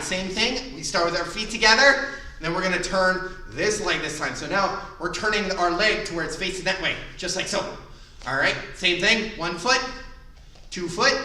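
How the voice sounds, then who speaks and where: A man teaching a live online karate class, coaching upbeat and counting moves with shouted kiai. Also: high voice, slight background noise. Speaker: karate instructor. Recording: echoey room, voice far from the mic.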